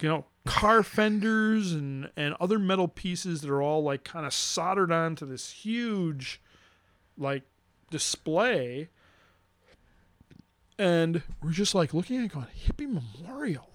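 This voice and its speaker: A middle-aged man telling a long road-trip story in casual chat, rambling and animated with restarts. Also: fairly high pitch, slow, no room sound.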